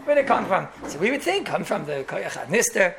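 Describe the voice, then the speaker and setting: A man's voice: high-pitched, very animated, a little fast, creaky, a bit bright, a little hiss or hum. A man, a rabbi, gives a Torah lecture in English full of Yiddish and Hebrew terms, telling stories with repeated words and chuckling asides.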